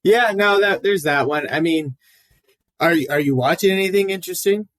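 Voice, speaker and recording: A man's voice: high voice, moderate pace, a bit bright, no echo. Chatty male podcast host, dry sound. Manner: chatty, rambling, frequent fillers. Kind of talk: casual chat.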